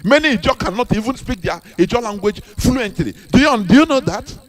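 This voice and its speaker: A man's voice: extremely high pitch, lively intonation, a little fast. A man with a Nigerian accent giving an impassioned monologue, repeating rhetorical questions with emphatic, preachy delivery. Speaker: activist speaker.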